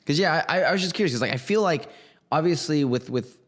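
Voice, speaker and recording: A man's voice: fairly high pitch, expressive, quick pace. A man co-hosting a casual podcast chat on a podcast microphone, rambling with many "like" fillers. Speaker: podcast co-host.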